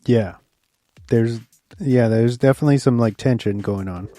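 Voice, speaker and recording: A man's voice: mid-range voice, normal speed, dark tone, no room sound, soft background music. A man co-hosting a podcast, chiming in with short agreeing remarks in casual chat. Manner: brief agreeing interjections. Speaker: podcast co-host. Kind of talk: casual film review chat.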